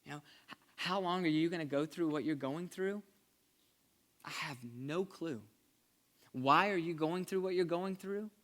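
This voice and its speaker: Un homme pasteur au ton sérieux et familier. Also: male voice, on the high side, measured pace, pauses often. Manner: conversational, earnest, varies between energetic and hushed. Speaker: pastor. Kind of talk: sermon.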